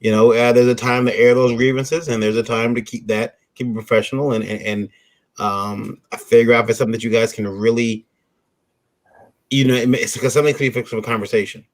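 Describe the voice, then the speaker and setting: A man co-hosting a casual chat, talking in a measured, hesitant way with many pauses and restarts. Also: medium pitch, fairly even intonation. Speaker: podcast co-host.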